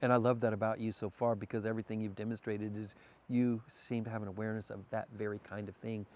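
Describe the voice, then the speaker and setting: A man's voice: on the low side, level tone, fast, darkish tone. A man talking as a podcast guest, earnest and spiritual in manner, sometimes stammering as he thinks aloud. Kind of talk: casual conversation.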